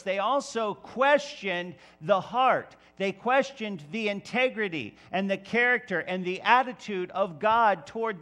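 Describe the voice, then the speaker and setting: A man preaching a sermon as pastor of a church, lively and emphatic, sometimes rising to near-shouts. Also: high voice.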